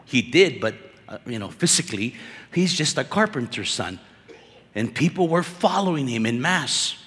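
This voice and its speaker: A man preaching a sermon at a conference, animated and conversational, dropping casual slang as he talks to the crowd. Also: medium pitch, normal speed. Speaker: conference speaker. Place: conference hall. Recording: echoey hall reverb.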